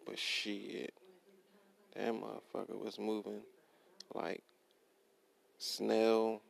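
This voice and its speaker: A man's voice: fairly low pitch, completely flat delivery, drawn-out words, creaky, rough recording. A young man in a blunt, profane, casual rant about work, repeating himself and quoting what he told people. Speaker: worker ranting about his job.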